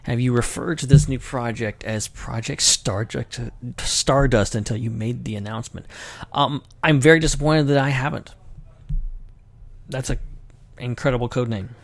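A man's voice: medium pitch, moderate pace, gravelly, dry recording. A man hosting his own podcast, chatting casually in a rambling, self-deprecating, jokey way. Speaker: podcast host. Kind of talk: casual livestream chat.

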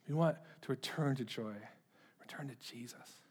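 A man's voice: mid-range voice, moderate pace, slightly rough. A middle-aged man preaching a sermon, earnest, often repeating words as he starts a phrase. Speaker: pastor.

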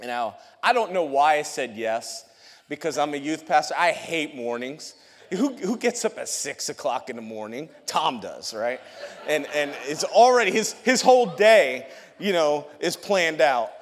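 A male youth pastor giving a testimony sermon to his congregation in a church, telling his story in a lively way, often laughing and repeating words. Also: fairly high pitch, a little slow. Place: church sanctuary. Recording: long hall reverb.

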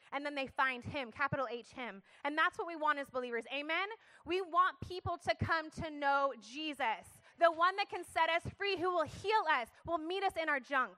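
This young woman's high, bright voice carries a forceful tone. She is sharing her story at church, delivering an emphatic, sermon-like talk and urging the congregation to respond.

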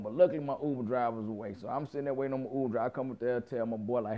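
Rapid-fire and with few pauses, a medium-pitched man in his thirties rants his way through a story, profane and animated, packed with slang and acted-out quotes. The sound is muffled and lo-fi.

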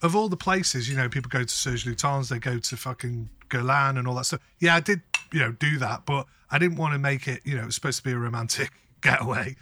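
A man's voice: mid-range voice, fast, few pauses, breathy edge, no echo. A man co-hosting a casual podcast, telling stories with lots of swearing. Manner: animated storytelling, heavy swearing. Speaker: podcast co-host. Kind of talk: casual chat.

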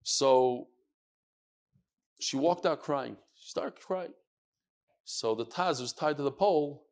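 A man teaching a Talmud class, telling stories in a lively way and sprinkling in Hebrew and Yiddish terms. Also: mid-range voice, slow pace. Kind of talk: animated storytelling lesson.

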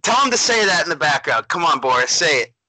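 A young man from Massachusetts, a podcast co-host in casual chat, animated and emphatic, laughing easily. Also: on the high side, fast, no room sound, low-quality recording.

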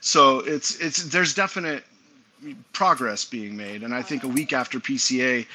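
A man's voice: medium pitch, sharp tone. A man guesting on a casual interview, laid-back and slangy, swearing freely and throwing in "dude". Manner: self-described enthusiast, talks with quick asides. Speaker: guest, cigar company owner.

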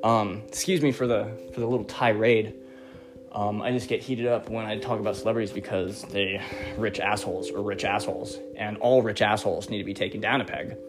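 A man talks in a lowish voice, rambling through his casual commentary with plenty of fillers and now and then breaking into a profane rant. Guitar music plays clearly behind him. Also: fairly even intonation, a little fast. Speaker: commentary host.

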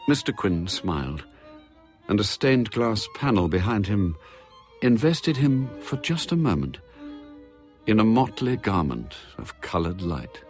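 A man reading a story aloud in a measured, expressive narration. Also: on the low side, faint music behind. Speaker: audiobook reader. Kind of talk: scripted narration.

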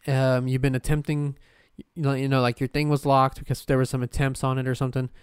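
Male podcast host, solo casual chat, rambling and profane, smooth voice, dry close mic. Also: mid-range voice, level tone, brisk, dry recording. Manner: rambling, profane, frequent fillers and restarts.

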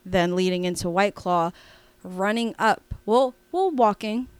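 A woman co-hosting a podcast, telling a story in a rambling, animated way with lots of fillers and restarts. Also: mid-range voice, unhurried, clear, resonant tone, dry recording. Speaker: podcast co-host. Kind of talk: casual storytelling chat.

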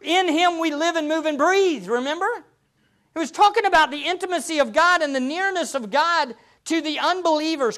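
A man preaching a sermon as pastor, earnest and slowing down to stress quoted verses, often asking the listeners rhetorical questions. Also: very high-pitched, a bit bright. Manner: asks the congregation rhetorical questions.

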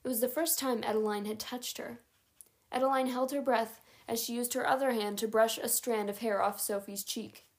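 A woman narrating a chapter book aloud in a steady, even read-aloud manner. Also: fairly high pitch, moderate pace. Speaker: audiobook narrator.

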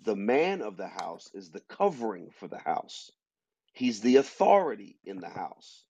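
A man with a low, husky voice holds forth as a podcast host, pressing his argument with firm emphasis. The sound is a bit dull and lo-fi. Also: big pitch swings, measured pace, darkish tone, no room sound. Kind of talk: opinionated discussion.

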